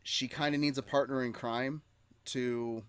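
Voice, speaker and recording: A man's voice: medium pitch, fairly even intonation, measured pace, clean tone, no echo. A man hosting a casual nerd-news podcast, chatty and reading chat comments aloud. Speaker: podcast host.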